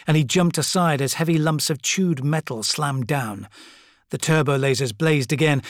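A man reading a fantasy audiobook in a measured, dramatic storytelling voice. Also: fairly high pitch, dry recording, clean studio sound. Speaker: audiobook narrator. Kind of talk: scripted narration.

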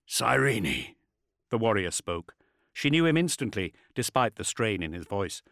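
A man reading a novel aloud as narrator, measured and expressive, sinking to a hushed intensity. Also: fairly low pitch, no echo, studio quality. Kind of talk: audiobook narration.

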